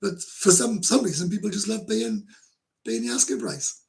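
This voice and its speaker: Gravelly Welsh man, blunt livestream host. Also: high-pitched, expressive, normal speed. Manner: blunt, swears freely, rambling with frequent laughs. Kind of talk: casual livestream chat, reading comments.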